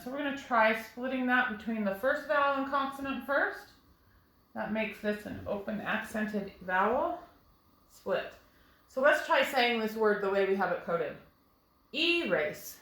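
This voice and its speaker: A woman teaching a phonics lesson to first graders at a whiteboard, explaining slowly and clearly with patience. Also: mid-range voice, a bit bright, roomy sound, low-quality recording. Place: classroom with a whiteboard.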